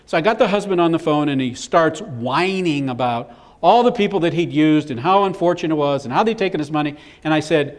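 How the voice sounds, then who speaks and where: A middle-aged man with a fairly high voice gives a brisk live business seminar. He animatedly tells stories and acts out the quotes within them.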